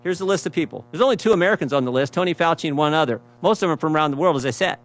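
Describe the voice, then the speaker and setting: Man, slightly raised pitch; emphatic prepared speech, quotes and rhetorical questions. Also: lively intonation, rapid-fire. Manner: emphatic, repeats phrases, asks rhetorical questions.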